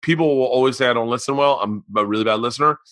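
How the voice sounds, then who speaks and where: Loud, bright-voiced male podcast host. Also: mid-range voice, very fast. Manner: loud, profane storyteller acting out voices. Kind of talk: casual chat.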